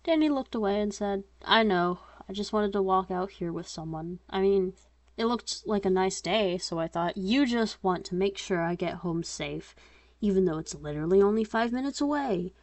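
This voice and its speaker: A young woman reads her own story aloud in a loose, unpolished way, doing the characters' lines in her own natural voice. Her pitch sits in the middle range, and the recording is close and dry with almost no room sound. She stops now and then to comment on her own reading. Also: lively intonation, normal speed, no echo. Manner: reads narration and dialogue in her own voice, breaks off to comment and laugh at herself. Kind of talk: casual unedited story reading.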